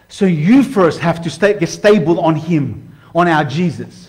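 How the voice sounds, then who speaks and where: A man preaching casually to his viewers, animated and direct, calling them "guys" and acting out quoted voices. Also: a little high, measured pace. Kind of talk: casual sermon to camera.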